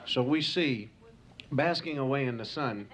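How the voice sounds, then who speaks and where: Male stand-up comedian, loose rambling delivery, middle pitch, home-tape hiss. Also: measured pace. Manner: rambling, loose, lots of asides. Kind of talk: stand-up storytelling. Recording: hissy home tape recording.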